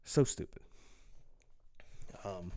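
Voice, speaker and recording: A man's voice: very slow, warm tone, in a whisper. A man giving a casual, ranting film review, blunt and profane, with lots of fillers. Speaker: movie reviewer.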